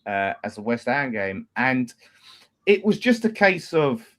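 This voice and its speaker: Very animated yet unhurried, this fan channel host has a mid-range voice with a fairly bright tone. In his casual post-match chat he reads super chats aloud, talks freely, and laughs a lot.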